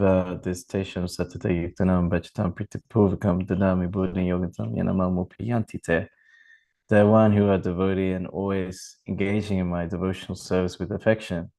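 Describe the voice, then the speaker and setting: A man's voice: sits low, dark tone, rough recording. A man giving an informal religious talk and telling a long anecdote, rambling with many fillers and restarts. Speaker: temple speaker.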